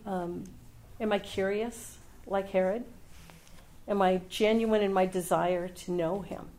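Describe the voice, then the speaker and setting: A woman's voice: mid-range voice, fairly even intonation, slow pace, darkish tone. Thoughtful woman questioning herself aloud. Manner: thoughtful and searching, with some ums and self-questioning. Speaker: Bible study group member sharing a reflection. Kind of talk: personal testimony.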